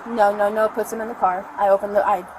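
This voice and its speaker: A woman's voice: medium pitch, flat delivery, fast talker. A woman rambling breathlessly as she recounts events to police outdoors, heard through a body camera. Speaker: arrested mother. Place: outdoors by a store parking lot. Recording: noisy body cam audio outdoors.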